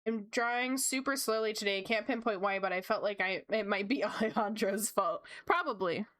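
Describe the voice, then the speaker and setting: A woman's voice: medium pitch, normal speed, a bit bright. A woman in her late twenties chatting casually and rambling while she draws on stream, laughing often. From Canada. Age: late 20s. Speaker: art streamer. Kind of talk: casual chat while drawing.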